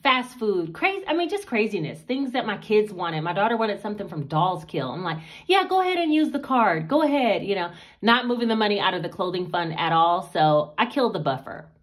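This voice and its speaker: A woman's voice: animated, a little fast. A woman, chatting casually to viewers while budgeting and counting cash aloud. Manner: chatty, talks straight to viewers; counts bills aloud in a low murmur. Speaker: budgeting vlogger.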